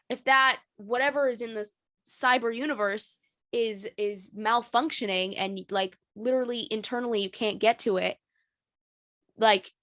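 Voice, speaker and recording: A woman's voice: on the high side, sharp tone, no room sound. A woman hosting a podcast in a casual interview, probing with pointed follow-up questions. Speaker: podcast host.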